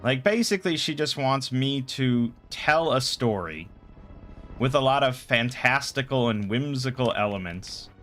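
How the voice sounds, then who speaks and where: A man's voice: mid-range voice, expressive, measured pace, fairly bright tone, faint music behind. A man hosting a casual chat show, retelling a game session in a rambling, exasperated way. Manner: rambling, exasperated storytelling with many fillers. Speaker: podcast host.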